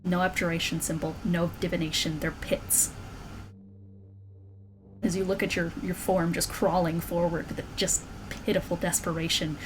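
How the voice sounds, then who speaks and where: A woman running a tabletop game as dungeon master, narrating scenes slowly and intensely. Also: fairly low pitch, little pitch movement, noisy background. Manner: slow, intense descriptive narration. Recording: faint background music.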